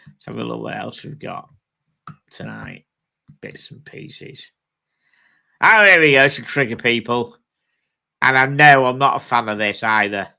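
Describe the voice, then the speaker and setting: A man's voice: mid-range voice, lively intonation, measured pace, gravelly, pauses often, sharp tone. A British man hosting a live stream, chatting casually with viewers in a blunt, sweary way. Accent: British English. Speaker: livestream host. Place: home streaming setup.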